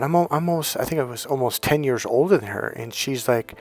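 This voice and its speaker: A man's voice: mid-range voice, brisk, faint music behind. A middle-aged man talking as a dating coach in a casual, rambling monologue, retelling old conversations in quotes.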